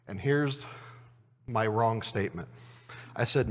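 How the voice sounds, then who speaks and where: A man preaching in a church, telling a self-deprecating story in a relaxed, conversational way. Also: mid-range voice, moderate pace, long pauses. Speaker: preacher and Bible teacher. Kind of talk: conversational sermon with a humorous anecdote. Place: church auditorium. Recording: long church reverb.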